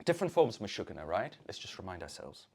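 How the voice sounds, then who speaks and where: A YouTuber ranting to camera, swearing a lot and swinging between loud outbursts and low muttering, repeating words over and over. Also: big pitch swings, fast, creaky, slight background noise.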